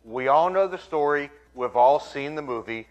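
A man's voice: fairly high pitch, lively intonation, moderate pace, muffled recording. A man preaching a sermon, walking through scripture and dramatically acting out what the crowd is thinking. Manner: dramatic, acts out the crowd's voices.

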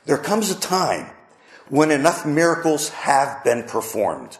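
A man's voice: fairly high pitch, big pitch swings, slow. A male pastor preaching a sermon to his congregation, emphatic and full of rhetorical questions. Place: church sanctuary with congregation. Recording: echoey church sanctuary.

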